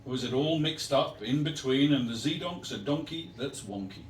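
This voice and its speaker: A man's voice: mid-range voice, animated, normal speed, echoey room, far from the mic, slight background noise. A man performing his own poems at a live reading, with playful, self-mocking humour and chat with the audience between pieces. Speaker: performance poet. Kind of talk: live poetry reading with banter.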